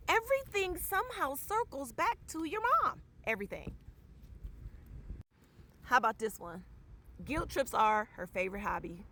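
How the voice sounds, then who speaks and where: A woman's voice: high voice, fairly bright tone. A woman giving a casual vlog monologue as a relationship vlogger, blunt and profane, talking straight to her viewers and joking about her own slips. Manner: loose and joking, laughing at her own mistakes.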